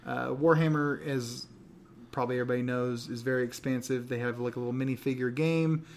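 A man co-hosting a casual gaming podcast, talking in loose run-on stretches full of restarts and quick laughs. His voice sits at an ordinary middle pitch, with a faint hiss of noise under the recording. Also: fairly even intonation. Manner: rambling, laughs often, many restarts. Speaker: podcast co-host.

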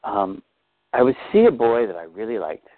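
Calm man guiding a tapping session. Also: fairly low pitch, moderate pace. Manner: calm, guiding, feeds lines to repeat. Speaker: tapping therapy facilitator. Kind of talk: guided tapping therapy session. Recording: thin phone-like audio, dry.

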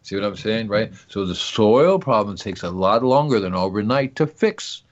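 A man's voice: fairly low pitch, lively intonation, normal speed, muffled recording. A man hosting an organic gardening radio show, talking in a rambling, jokey way, asking himself questions and circling back to his points. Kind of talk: casual call-in gardening talk.

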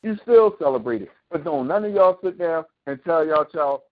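Barely pausing, a man hosting a talk show launches into an animated, preachy monologue at a moderate pace in a fairly high voice. His impassioned rant is full of profanity and sarcastic rhetorical questions, heard through tinny, phone-like audio.

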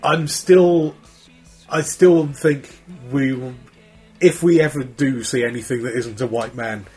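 A man's voice: medium pitch, steady tone, measured pace, a little mellow, faint music behind. A man co-hosting a podcast, telling rambling, wry anecdotes in casual chat. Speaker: podcast co-host.

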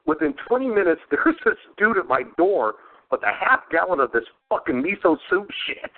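A man's voice: sits high, big pitch swings, moderate pace, vocal fry. A man hosting a podcast in casual chat, rambling and crude, laughing often. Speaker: podcast host. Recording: phone-like lo-fi sound.

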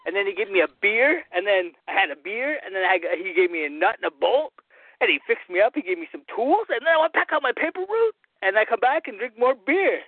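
A man's voice: high-pitched, very animated, quick pace, no room sound. A man rambling through jokey stories as a call-in guest on a casual chat show, boisterous and loose. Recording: tinny phone line.

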